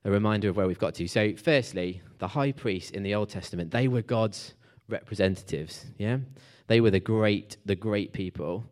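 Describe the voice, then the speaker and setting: A man's voice: fairly low pitch, moderate pace, hardly any pauses, a little mellow. A man preaching a casual, conversational sermon to a church group, with fillers and restarts.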